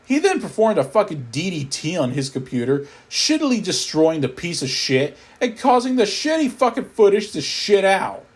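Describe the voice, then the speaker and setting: A man narrating a comedic horror story in a profane, deadpan storytelling manner. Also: high-pitched, normal speed, hardly any pauses, breathy edge.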